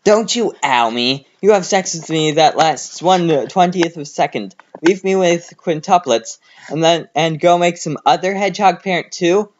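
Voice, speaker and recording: A man voicing a furious female hedgehog who yells at her mate in outrage. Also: a little high, normal speed, slight background noise, voice pushed up, natural voice. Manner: yelling, outraged. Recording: slightly dull home recording.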